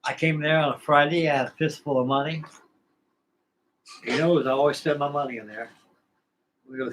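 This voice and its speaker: An older man from California with a slightly high-pitched voice hosts a model-building show. He tells long, meandering stories in a casual, salty way, swearing easily as he goes. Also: steady tone, normal speed, long pauses, fairly bright tone, low-quality recording. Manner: folksy, salty, digressive. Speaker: model-building channel host. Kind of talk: rambling casual storytelling.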